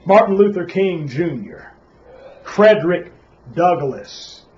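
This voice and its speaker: A man leads a Sabbath Bible class in a somewhat high, darkish voice, speaking slowly but with great animation. He returns again and again to "Praise Yah" and keeps questioning his listeners. The recording is dull and lo-fi, with a little hiss or hum.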